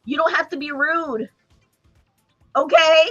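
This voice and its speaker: A woman's voice: high-pitched, steady tone, takes it slowly, fairly bright tone, dull audio, soft background music. A woman hosting a motivational talk, emphatic and preacher-like, laughing often. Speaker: host.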